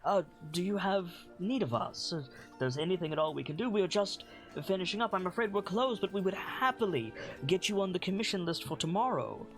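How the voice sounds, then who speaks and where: A man's voice: sits high, animated, a little fast, music in the background, pitched above the performer's own voice. A man voicing a kindly, fatherly male forge master who speaks in a courtly, doting way. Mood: courteous.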